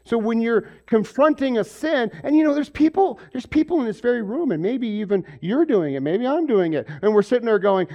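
A pastor giving a sermon, moving from quiet stretches to loud, emphatic preaching and asking his congregation questions. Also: high voice, expressive, normal speed, few pauses, muffled recording. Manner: asks the audience questions. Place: room with a congregation.

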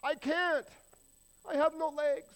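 A man voicing a helpless, whining unbeliever cast as a snake, in a high exaggerated squeak. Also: fairly even intonation, slow, a bit bright, heavily acted.

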